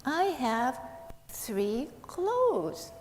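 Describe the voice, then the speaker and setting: A woman minister leads a playful children's sermon, coaxing answers with animated questions. She speaks slowly in a fairly high voice. Her voice echoes through a large hall over a faint hiss. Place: temple hall.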